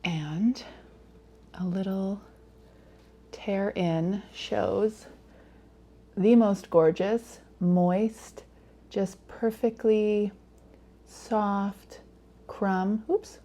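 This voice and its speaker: A woman with a warm, mellow voice hosts her own cooking video. She chats casually and with plain enthusiasm about what she bakes, sometimes talking through a bite of food. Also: medium pitch, steady tone, extremely slow, long pauses. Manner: talks while eating. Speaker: cooking channel host.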